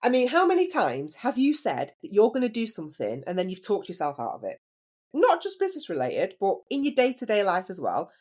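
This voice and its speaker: Woman podcast host, animated pitch, mid-range voice, chatty storyteller, asks the listener questions. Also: brisk. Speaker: podcast host and business coach. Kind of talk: solo podcast monologue.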